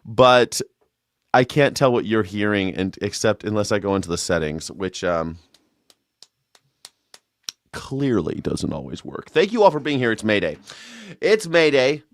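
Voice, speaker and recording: A man's voice: on the low side, very animated, moderate pace, pauses often, no room sound, studio quality. A man hosting a casual livestream news and culture commentary show, rambling and jokey with self-mocking asides. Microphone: desk mic with monitors.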